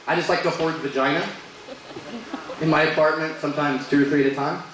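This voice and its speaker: A young man with a fairly high voice works through a crude stand-up set, landing his punchlines deadpan. He is picked up from a distance in an echoey bar room, with audible crowd noise and laughter behind him. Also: a little fast. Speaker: stand-up comedian. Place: bar stage with live audience.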